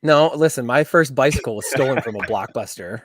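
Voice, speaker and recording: A man's voice: mid-range voice, expressive, a little fast, background noise. A man in his thirties, a veteran guest on a podcast, talking in an easygoing way with lots of "like" and "um". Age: 30s. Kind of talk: casual chat.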